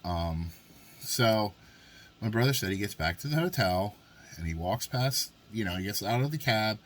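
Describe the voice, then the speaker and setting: A man's voice: normal speed, a little hiss or hum. A man hosting a vlog, casually telling a story and acting out the people in it with big jumps in his voice. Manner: animated, acts out quoted voices with big pitch jumps. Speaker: vlog host.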